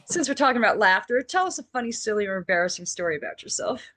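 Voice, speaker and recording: A woman's voice: mid-range voice, big pitch swings, fast talker, fairly bright tone. A woman co-hosting a podcast, asking questions in a friendly, enthusiastic way. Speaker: podcast co-host. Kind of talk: casual conversation.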